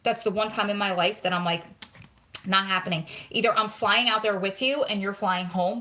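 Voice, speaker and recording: A woman's voice: medium pitch, slight background noise. A woman in her thirties from New Jersey, hosting a casual live question-and-answer vlog, telling stories with lots of quoted back-and-forth and sounding close to tears. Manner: chatty, animated storytelling with quoted dialogue. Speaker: vlog host.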